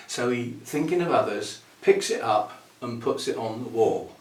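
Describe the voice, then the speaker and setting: A playful man from the UK rambles casually to his viewers and laughs at his own word games. His middle-pitched voice sounds echoey, as if the mic sits well away from him in an open room. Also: animated, moderate pace, a little mellow, far from the mic. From United Kingdom. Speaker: orchid channel host. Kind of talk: casual rambling chat to camera.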